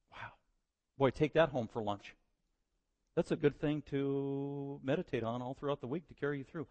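A man's voice: medium pitch, a little fast, mellow, long reverb tail. A male pastor preaching a sermon in a conversational style that rises to emphatic exhortation.

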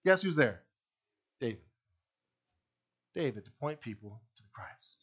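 A man's voice: medium pitch, lively intonation, measured pace, a bit bright, lo-fi sound. A male pastor preaching a sermon, emphatic and full of rhetorical questions put to the congregation.

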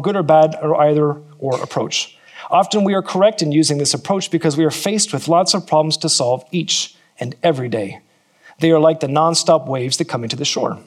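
Man, pastor type, earnest sermon delivery, slightly higher-pitched voice, repeats phrases for emphasis. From California. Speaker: preacher. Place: church in New Zealand.

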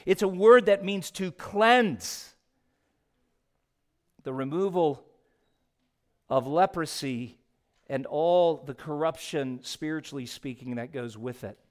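A man preaching a sermon as pastor, moving between hushed and raised passages. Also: a little high, takes it slowly, long pauses.

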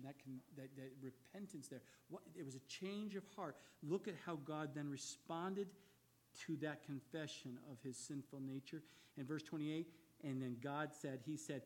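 In a church, a male pastor tells a story dramatically as he preaches at a moderate pace. He swings between loud, emphatic bursts and quiet, low asides.

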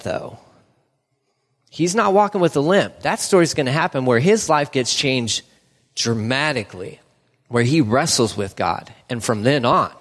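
Pastor, male, fairly high voice, very animated, chatty sermon delivery, reverberant hall. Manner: conversational, animated, acts out dialogue in voices.

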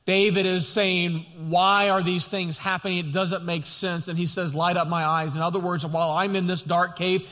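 A man preaching a sermon as a pastor, passionate and building to loud, emphatic peaks. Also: high-pitched, little pitch movement, normal speed, few pauses, long reverb tail. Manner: impassioned preaching, rising loud at key points.

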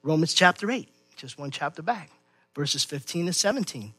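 A middle-aged man preaching a sermon as pastor, swinging from loud emphatic lines to quiet, hushed asides. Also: on the high side, lively intonation, normal speed, no room sound, soft background music.

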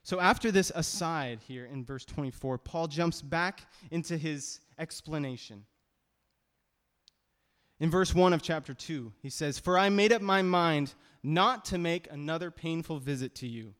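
A man's voice: fairly high pitch, a little slow, fairly bright tone. A man preaching a sermon as pastor, conversational and emphatic, with frequent restarts. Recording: long reverb of a hall.

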